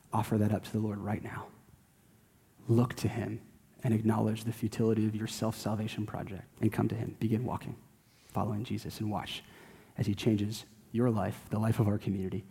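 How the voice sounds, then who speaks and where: Low gravelly-voiced pastor preaching in a reverberant church. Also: male voice, mellow. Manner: earnest, exhorting. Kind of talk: sermon with closing prayer.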